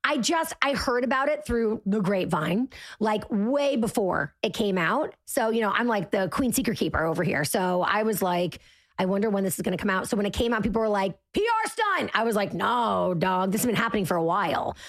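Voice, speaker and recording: A woman co-hosting a podcast, chatting casually about reality TV in a slangy, chatty way. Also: mid-range voice. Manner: chatty, slangy, quick to agree. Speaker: podcast co-host.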